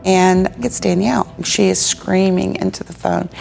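A woman's voice: mid-range voice, little pitch movement, moderate pace, hardly any pauses, darkish tone. A woman recounting events in an interview, emotional and quoting others as she talks. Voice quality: husky, gravelly. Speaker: victim's sister, interviewee.

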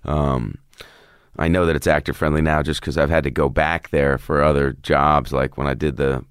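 A man's voice: extremely low pitch, normal speed, clear, resonant tone, no room sound, clean studio sound. A man in his thirties, an actor talking as a guest, telling stories casually with fillers and restarts. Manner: relaxed storytelling with frequent fillers and restarts. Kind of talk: casual conversation.

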